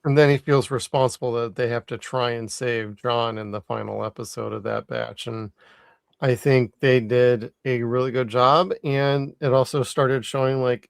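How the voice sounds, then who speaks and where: A man's voice: medium pitch, fairly even intonation, normal speed, gravelly, clear, resonant tone, dry recording, studio quality. A tired man co-hosting a podcast, chatting enthusiastically and swearing casually. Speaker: podcast co-host. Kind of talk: casual chat.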